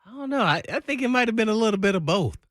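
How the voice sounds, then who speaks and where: A man's voice: high voice, lively intonation, very fast, fairly bright tone, no echo, studio quality. A man co-hosting a sports radio show, talking in a rambling, earnest way full of fillers. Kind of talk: casual sports talk.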